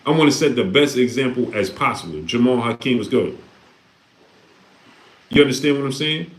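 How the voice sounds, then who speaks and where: A man's voice: medium pitch, expressive, moderate pace. A man hosting a livestream, talking casually and preaching with repeated rhetorical questions. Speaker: live stream host reading Super Chats. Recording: echoey room.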